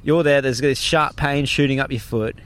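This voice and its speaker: Man, host, rambling casual chat, mid-pitched voice. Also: moderate pace. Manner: relaxed, rambling, heavy use of "like".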